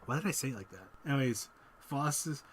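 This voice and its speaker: A man's voice: mid-range voice, fairly quick, a little hiss or hum. Sleepy man streaming a racing game. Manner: relaxed and self-deprecating, chatting with viewers. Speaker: gaming livestreamer. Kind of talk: casual live commentary while racing. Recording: loud game music behind the voice. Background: game music and car engine sounds.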